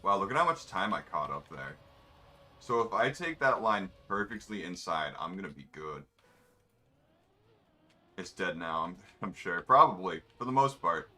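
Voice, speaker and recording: Low, bright-voiced New gamer. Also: male voice, big pitch swings, moderate pace, pauses often. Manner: rambling, wry, offhand asides while playing. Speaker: gamer streaming a race. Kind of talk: casual gameplay commentary.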